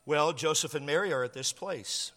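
A male pastor preaching a storytelling sermon, animated and acting out scenes, in an echoey church hall. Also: fairly high pitch, normal speed.

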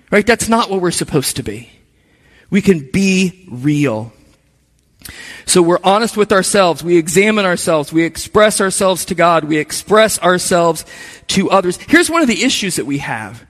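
A man's voice: high-pitched, animated, unhurried, a bit bright. A middle-aged man preaching a sermon to his church in an earnest way. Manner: earnest, acts out quoted voices. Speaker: pastor. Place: church sanctuary. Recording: reverberant church hall.

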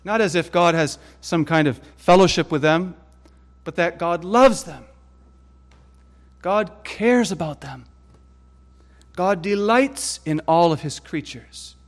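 A man preaching a sermon, deliberate and emphatic, building stress through lists of scripture. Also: high voice, expressive.

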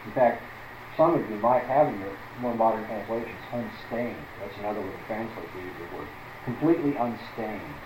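A man's voice: fairly low pitch, moderate pace, reverberant, noisy background. A man teaching through a Bible passage as a preacher, stressing words one by one and putting questions to his listeners.

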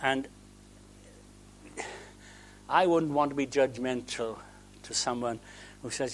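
A man's voice: medium pitch, animated, a little slow, long pauses, a little hiss or hum. A man preaching a sermon to a congregation, conversational and humorous, with theatrical asides.

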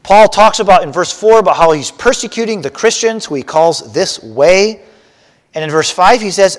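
A man teaching a Bible lesson to a class, animated and putting questions straight to his listeners. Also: high voice, normal speed, long reverb tail.

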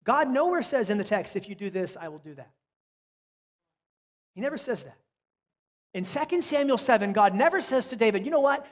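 A man with a high voice preaches a sermon, stressing and repeating key phrases and then sinking to quiet asides. His voice rings with a long reverb, as in a church sanctuary. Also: very animated, moderate pace, pauses often. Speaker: pastor.

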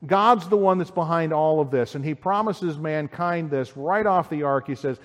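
Male pastor, slightly higher voice, measured and explanatory, sermon in a hall with long reverb. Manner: measured, explanatory, reads scripture aloud.

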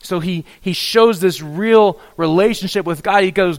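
A man's voice: sits high, unhurried, few pauses. A man preaching a sermon, reading scripture and then acting out a prophet's pleading complaints to God. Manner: reads scripture then expounds, acts out a pleading prophet with rising intensity. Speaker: pastor.

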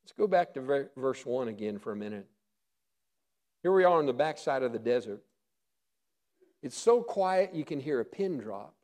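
A middle-aged male pastor preaching a sermon, earnest, often dropping to a hush for emphasis. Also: a little high.

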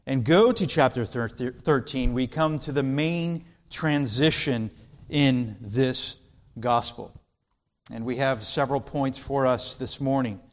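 A man preaching an expository sermon, earnest and building intensity when quoting scripture. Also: mid-range voice. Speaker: pastor.

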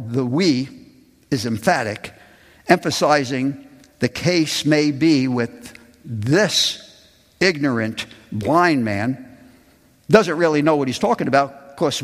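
A man delivers a sermon to his congregation, reading passages aloud and lifting his voice to play the people in them. He speaks at a middling pitch and keeps turning back to his listeners as "folks". A long reverb trails each phrase, as in a large church hall. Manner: reads scripture aloud, voicing the quoted people with raised pitch. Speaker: pastor.

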